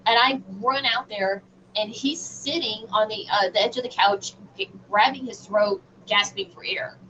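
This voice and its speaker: A woman guest on a radio show, telling a personal story in an animated, halting way with many fillers. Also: medium pitch. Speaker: guest medium. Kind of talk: casual storytelling in a radio interview. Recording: distant, dull lo-fi sound with faint noise.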